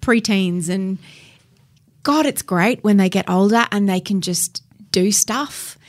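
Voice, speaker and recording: A woman's voice: medium pitch, slow pace. A middle-aged woman co-hosting a casual podcast, talking in a reflective, easygoing way. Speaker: podcast co-host.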